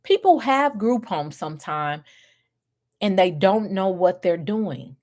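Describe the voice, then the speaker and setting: Slow-talking woman telling a story. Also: medium pitch. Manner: animated storytelling, laughs often, acts out quotes. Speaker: group home business mentor. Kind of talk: storytelling to viewers.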